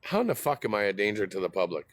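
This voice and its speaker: A man's voice: on the low side, big pitch swings, racing. A middle-aged man, telling a heated, profane story in a casual vlog rant. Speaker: host.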